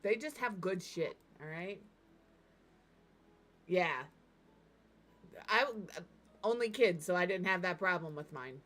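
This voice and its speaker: A woman streaming as she builds in a game, talking in a relaxed, chatty way and giggling through her stories. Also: fairly low pitch, takes it slowly, long pauses. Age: adult parent. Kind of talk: casual chat while building in a game.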